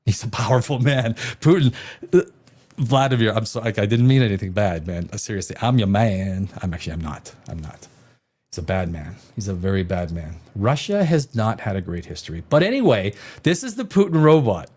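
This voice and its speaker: A man's voice: on the low side, lively intonation, fairly quick, darkish tone, slightly rough. A man hosting a live science and news show, reading items aloud and rambling off into jokes. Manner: jokey, rambling, laughs at his own jokes. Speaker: host. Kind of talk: casual live show commentary.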